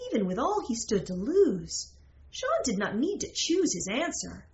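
A woman reads a storybook aloud at a slow, unhurried pace, her delivery measured and old-fashioned. The sound is slightly muffled and dull. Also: fairly high pitch, big pitch swings, darkish tone. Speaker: narrator. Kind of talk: storybook reading.

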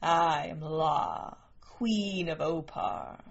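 Stately, honeyed jungle queen, low and unhurried, as a woman narrator puts her on. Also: sing-song, gravelly, husky, highs cut off, heavily acted. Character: regal, gracious jungle queen mother.

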